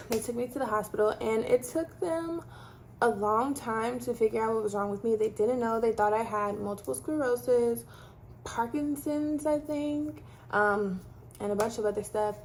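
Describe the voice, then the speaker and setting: A woman's voice: fairly high pitch, fairly even intonation, normal speed, darkish tone, a little hiss or hum. A woman from Texas telling her own story casually to camera, chatty, with many fillers like "like" and "um". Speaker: vlogger sharing her story.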